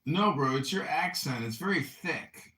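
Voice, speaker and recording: Deadpan man teasing a caller. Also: on the high side, a little slow, roomy sound, far from the mic. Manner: deadpan, mock-earnest trolling. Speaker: host. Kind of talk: casual chat, teasing call.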